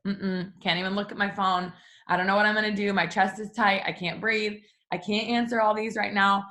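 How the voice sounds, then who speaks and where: A woman's voice: fairly even intonation, a little fast, pushed and bright. A woman telling a personal story in a casual vlog, chatty and talking straight to her viewers. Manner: chatty, addresses viewers directly; acts out quoted exchanges in a higher voice. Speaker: small business owner vlogger.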